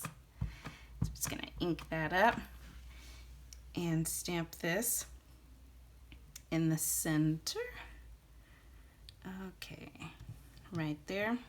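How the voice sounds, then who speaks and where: A woman's voice: on the low side, fairly bright tone, slight background noise. A young woman chatting her way through a card-making tutorial, gushing about papers and colors and thinking aloud as she works at her craft table.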